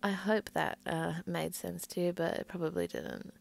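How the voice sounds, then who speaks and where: This woman speaks at a normal speed in a lowish, creaky voice with wide swings in pitch. Talking over footage of her nail art as a casual tutorial, she meanders, hesitates and jokes at her own expense, in an accent blending New Zealand and English.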